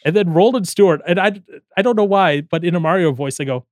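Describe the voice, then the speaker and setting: A man's voice: high-pitched, quick pace, no echo, studio quality. A man in casual chat, retelling a comedy scene and acting out the characters' lines. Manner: animated storyteller, acts out quoted lines.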